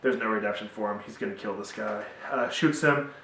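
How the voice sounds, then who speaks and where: A man's voice: fairly low pitch, fairly quick, bright, forceful tone, recorded from a distance, a little hiss or hum. A young man giving a casual, rambling TV review with many fillers, recorded at home in a roomy space away from the mic. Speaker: TV show reviewer.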